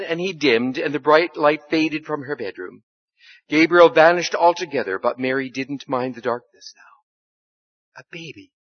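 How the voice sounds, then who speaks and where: A man reading a story aloud in a church service, with expressive, dramatic delivery. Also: a little high, no room sound. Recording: slightly dull, dry recording.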